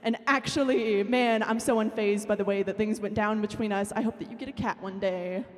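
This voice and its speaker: A woman's voice: mid-range voice, fairly even intonation, a little fast. Woman reading sarcastic poetry in a hall. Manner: dry, sarcastic delivery. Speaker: spoken-word poet at open mic. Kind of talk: spoken-word poetry. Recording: long hall reverb.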